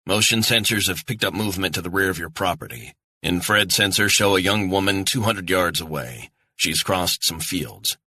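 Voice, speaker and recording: A man's voice: deep voice, moderate pace, hardly any pauses, bright, forceful tone, no room sound, exaggerated voice. A man voicing a blunt male handler giving clipped orders over the phone. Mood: brusque.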